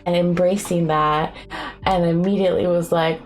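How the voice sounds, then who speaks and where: A woman's voice: fairly low pitch, a little slow, darkish tone, faint music behind. A young woman chatting casually on a live stream, rambling and giggling often, with a self-deprecating streak. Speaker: streamer and artist.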